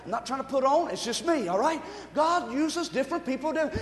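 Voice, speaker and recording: Preaching a sermon in a big, echoing church hall with a long reverb, this pastor has a very high, excitable voice that swings between quiet asides and loud shouted bursts. He talks a little fast and barely pauses.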